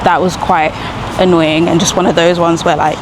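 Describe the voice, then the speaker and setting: A woman's voice: on the low side, normal speed, background noise. Chatty young woman vlogging on a walk. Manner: chatty, rambling, animated retelling. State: sleep-deprived new mother. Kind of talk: casual storytelling vlog while walking. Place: outdoors on a street walk.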